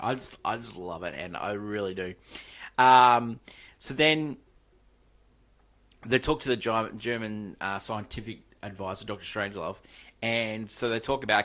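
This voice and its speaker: A man talks movies in a loose, casual chat, piling on fillers and restarts as he retells scenes with plain enthusiasm. His voice sits at an ordinary middle pitch for a man. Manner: enthusiastic, rambling, many fillers. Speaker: podcast co-host. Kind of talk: casual film discussion.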